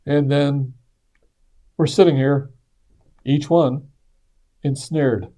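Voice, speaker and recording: A man's voice: on the high side, fairly even intonation, extremely slow, warm tone. A man talking through his personal reflections in a casual, earnest, conversational monologue. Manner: earnest, conversational, acts out quoted voices. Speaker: speaker sharing personal reflections.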